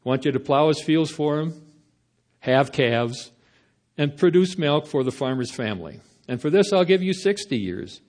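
A man's voice: fairly high pitch, expressive, normal speed, darkish tone, natural voice. A man voicing God as a creator handing out lifespans with grand pronouncements, while telling a joke in a sermon. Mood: generous.

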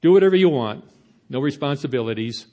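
A man's voice: mid-range voice, expressive, fast, mellow, natural voice. A man voicing God as a creator handing out lifespans with grand pronouncements, while telling a joke in a sermon. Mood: generous.

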